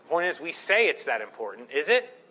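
A man's voice: on the high side, sing-song, a little fast, pushed and bright. A man preaching a sermon as pastor, conversational and self-deprecating, building to fervent emphasis.

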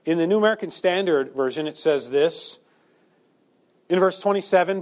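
A man's voice: on the high side, a little fast. A male preacher delivering a sermon, asking the listeners rhetorical questions and acting out quotes.

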